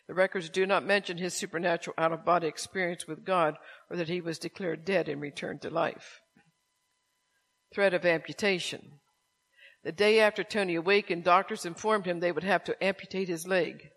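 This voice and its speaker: A man's voice: high-pitched, fairly even intonation, normal speed, creaky, fairly bright tone. A man preaching, reading a testimony aloud and then pressing listeners with rhetorical questions. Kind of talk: sermon with story reading.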